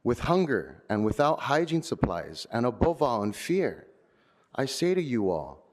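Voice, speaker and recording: A man's voice: mid-range voice, sing-song, measured pace, darkish tone. A man giving an earnest, prepared public comment at a city council podium microphone. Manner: solemn, earnest, declamatory.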